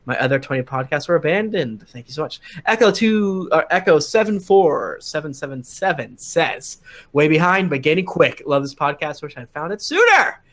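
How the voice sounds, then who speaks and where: A man's voice: a little high, sing-song, moderate pace, a bit bright. A man on a live-streamed podcast who casually reads listener reviews aloud, rattling through them with frequent "uh"s and little chuckles. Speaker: podcast cast member reading listener reviews. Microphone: desk mic on a live stream.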